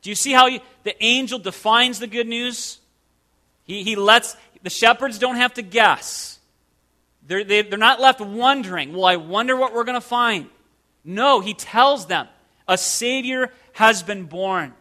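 A pastor preaches in a clear, bright, forward-sounding man's voice. He takes his time, leaning hard on single words and putting questions to his listeners. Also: sits high, a little slow. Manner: emphatic, stressing single words and asking rhetorical questions. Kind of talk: sermon.

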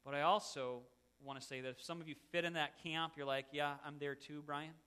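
A man's voice: on the high side, steady tone, brisk, pushed and bright, smooth. A middle-aged man, a pastor, preaching a sermon in an earnest, conversational way with self-deprecating asides.

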